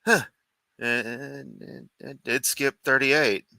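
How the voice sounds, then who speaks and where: A man's voice: mid-range voice, fairly even intonation, slow, vocal fry, bright, forceful tone, no echo. A man from the United States hosting a casual reaction stream from his room at home, swearing often and rambling sarcastically. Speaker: streamer host.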